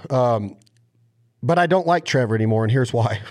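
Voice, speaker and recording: A man in casual chat, telling stories in an animated, excitable way. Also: mid-range voice, moderate pace, a little hiss or hum.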